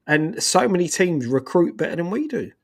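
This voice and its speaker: A man's voice: high-pitched, very animated, normal speed. A man co-hosting a live football fan chat, easygoing and agreeable. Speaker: co-host.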